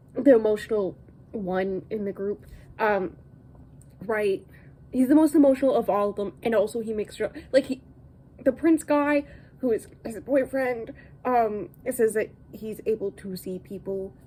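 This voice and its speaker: A woman's voice: fairly high pitch, poor audio. A young woman chatting casually to camera about what she watched and read this week, rambling with lots of ums and laughs. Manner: animated, jumps between topics. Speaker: reading vlogger.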